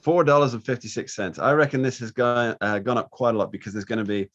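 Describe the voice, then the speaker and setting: A man's voice: mid-range voice, fast, a bit bright, muffled recording, a little hiss or hum. A man with a British accent, speaking as a panelist on a video call in wry casual banter. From Britain.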